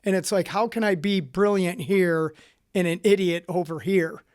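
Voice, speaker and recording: A man hosts a podcast interview, earnest and considerate as he asks questions. His voice is notably high for a man, with a smooth, clear tone. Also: normal speed, a little mellow. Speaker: podcast host. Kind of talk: conversational interview.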